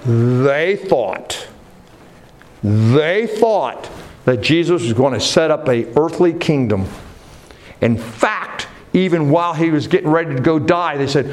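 A man preaching a sermon, moving from low earnest talk to loud rising exhortation. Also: lively intonation, slow pace. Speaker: pastor.

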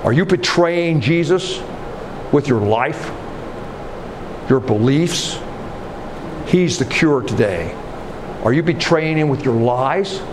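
A man preaching a sermon, moving from low earnest talk to loud rising exhortation. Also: background noise. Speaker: pastor.

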